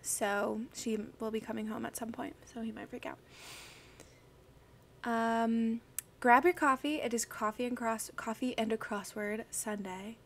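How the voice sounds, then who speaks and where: A young woman streaming a crossword session, chatting casually and gushing as she greets viewers by name. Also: a little high. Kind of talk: casual livestream chat.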